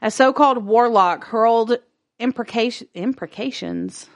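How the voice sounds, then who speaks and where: A woman's voice: mid-range voice, lively intonation, normal speed, no echo. Woman, casual podcast co-host reading a text aloud with jokey asides, dry close sound. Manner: laughs easily, swears casually, stumbles over words.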